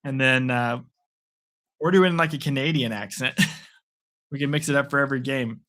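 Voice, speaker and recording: A man's voice: mid-range voice, moderate pace, a bit bright. A man hosting a live play-by-play reaction stream, playful and rambling between calls. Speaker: sports stream host.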